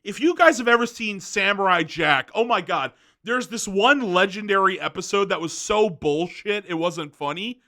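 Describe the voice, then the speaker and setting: A man's voice: high voice, lively intonation, normal speed, few pauses, bright, forceful tone. A young man giving a casual, rambling movie review, often restarting his sentences.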